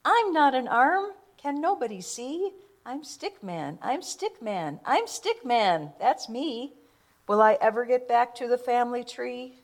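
A woman's voice: medium pitch, lively intonation, unhurried. A woman voicing Stickman, a small earnest stick man, in a storybook reading, repeating a sing-song refrain. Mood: pleading.

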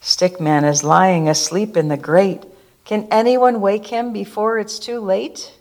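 A woman's voice: mid-range voice, steady tone, unhurried, a little mellow. A woman reading a rhyming picture book aloud, in a rhythmic, lilting way. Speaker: storyteller.

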